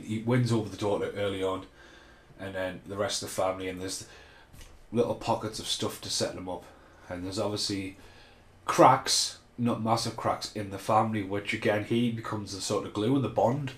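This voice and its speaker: A man's voice: fairly low pitch, fairly even intonation, moderate pace. A man hosting a casual film commentary podcast, rambling and swearing freely as he rants. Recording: roomy echo.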